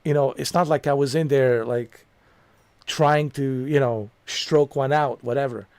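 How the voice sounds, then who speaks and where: Speaking a little slowly, this gaming streamer delivers a long, casual yarn stuffed with "man," "dude," and "you know," laughing because it amuses him. His mid-range voice is a little mellow with fairly even intonation, and the recording has no room sound.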